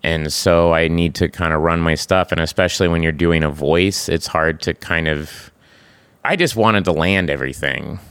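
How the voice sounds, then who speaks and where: A man in his forties, a guest in a casual interview, talking in a halting way with many restarts and laughs. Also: deep voice, fairly bright tone, clean tone, no room sound. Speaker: guest, actor and creator.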